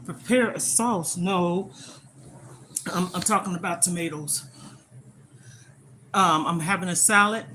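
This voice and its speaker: Bright-voiced older woman chatting live while cooking. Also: on the low side, measured pace, long pauses, slight background noise, rough recording. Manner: scolding rude viewers, then fond reminiscing. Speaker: live-stream host. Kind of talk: casual live-stream chat while cooking. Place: home kitchen.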